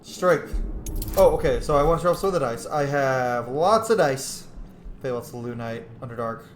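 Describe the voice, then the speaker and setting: Gaming host: excitable, jokey man chatting over gameplay in a roomy space. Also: mid-range voice, moderate pace, slight background noise. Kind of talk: casual let's-play commentary.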